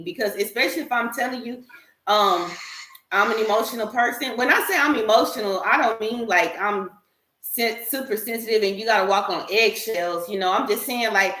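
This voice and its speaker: A woman's voice: medium pitch, fairly quick, fairly bright tone. A woman on a discussion panel talking earnestly and emphatically, explaining her views at length in a candid group conversation. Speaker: panel guest. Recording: echoey room.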